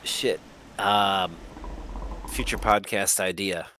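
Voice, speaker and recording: A man's voice: low-pitched, steady tone, sharp tone, a little hiss or hum, poor audio. A man co-hosting a podcast in casual, profane chat, often restarting his sentences. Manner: profane, blunt, halting restarts. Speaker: podcast co-host.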